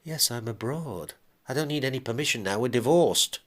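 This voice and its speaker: Man doing a composed, sly businesswoman, calm and mocking. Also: medium pitch, moderate pace, pitched above the performer's own voice, close to an everyday voice. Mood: cool. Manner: cool, unbothered, dryly teasing. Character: calm, shrewd divorced businesswoman, coolly mocking.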